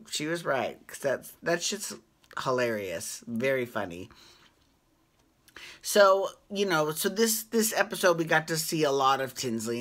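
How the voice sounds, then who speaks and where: Bright, chatty reality-show recapper. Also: medium pitch. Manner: chatty, gossipy, laughs often. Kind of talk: casual recap vlog. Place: home at night.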